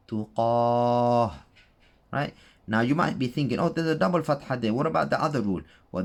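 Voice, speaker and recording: Patient man teaching Quran recitation. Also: lowish voice. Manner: patient, repeats points with frequent "okay?" and "right?" checks. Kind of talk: casual tutorial explanation.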